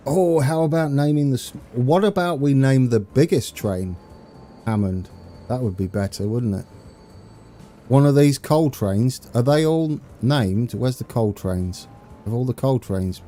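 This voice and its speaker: Man from the UK, live-stream game commentary, unhurried, very dark mellow voice, faint music behind. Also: medium pitch. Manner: rambling and chuckling, reading chat aloud. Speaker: streamer playing a train simulation game. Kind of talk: casual live-stream commentary, chatting with viewers.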